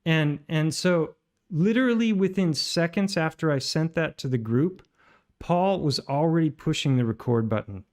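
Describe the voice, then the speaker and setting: This channel host, a man, responds to played voice messages in a dispute, rambling through it with plenty of fillers and restarts. His voice has a fairly high pitch and a darkish tone, at a normal speed.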